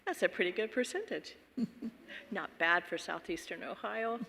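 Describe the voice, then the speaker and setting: Bright-voiced Southern-raised woman minister. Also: medium pitch, lively intonation, a little slow, gravelly, in a large hall. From American South. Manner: folksy, chuckling asides. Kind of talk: sermon storytelling.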